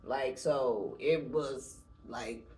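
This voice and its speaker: A woman's voice: rumbling low, drawn-out words, warm tone. A young woman co-hosting a podcast, talking bluntly and animatedly with lots of swearing. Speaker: podcast co-host. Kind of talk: casual podcast chat. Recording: roomy, distant mic, faint hiss.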